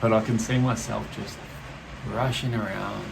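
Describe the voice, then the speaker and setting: A man with a low, gravelly voice muses through a reflective solo podcast. He speaks slowly and drops casual swear words. Soft rain patters faintly behind him. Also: fairly even intonation, background noise. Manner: slow, musing, swears casually. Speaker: podcast host. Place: indoors with heavy rain outside. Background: rain ambience.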